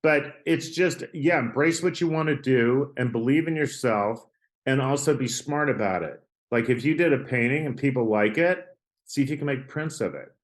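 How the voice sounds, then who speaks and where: On an interview podcast, a male artist guest speaks in a mid-range voice at a normal speed. His storytelling is loose and talkative, often punctuated by "right?", in a casual interview setting.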